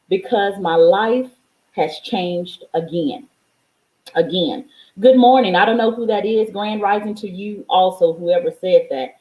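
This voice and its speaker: A woman's voice: medium pitch, measured pace, a little mellow. Fervent, swearing woman in an echoey room. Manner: profane, fervent, preachy. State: near tears. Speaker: spiritual vlogger. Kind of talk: emotional spiritual monologue.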